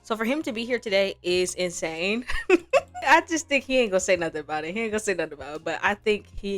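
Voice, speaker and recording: A woman's voice: medium pitch, expressive, fast, faint music behind. A young woman giving chatty, slangy commentary on a life-sim game as a gaming creator. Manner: chatty, slangy, laughs at the drama. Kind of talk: casual gameplay commentary.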